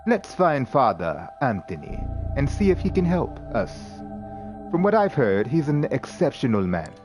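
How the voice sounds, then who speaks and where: A man's voice: mid-range voice, big pitch swings, normal speed, over music, pitched above the performer's own voice, natural voice. A man voicing an older woman who keeps the peace between two old men. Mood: chiding, upbeat.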